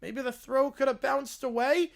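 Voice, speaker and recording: A woman's voice: high voice, fairly even intonation, moderate pace, vocal fry. A woman voicing a bumbling, down-on-his-luck male cartoon lawyer who fumbles through excuses. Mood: flustered.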